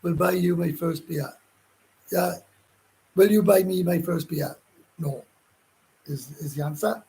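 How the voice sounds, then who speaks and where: A gruff Welsh man hosting a livestream, his fairly high voice rough and gravelly. He rambles bluntly through viewer comments in casual chat, swearing often and restarting sentences. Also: unhurried, warm tone, low-quality recording. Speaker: livestream host.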